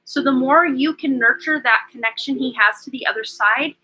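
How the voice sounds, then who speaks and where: A woman's voice: high-pitched, moderate pace, pushed and bright, slight background noise, rough recording. A woman hosting a live-streamed tarot reading, talking in an effusive, chatty way with lots of "like" and "um" fillers. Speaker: tarot reader and livestream host.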